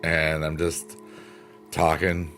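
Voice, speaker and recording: A man's voice: rumbling low, completely flat delivery, takes it slowly. A man streaming and rambling cheerfully in casual chat while he plays the piano behind his talk. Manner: rambling, upbeat, playful swearing. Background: piano music.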